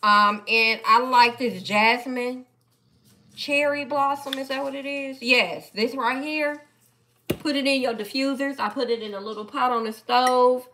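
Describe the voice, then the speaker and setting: A woman chatting casually on a live stream, playful and animated as she talks back to her viewers. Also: high voice, a little slow, background noise. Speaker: live-stream host reading viewer comments.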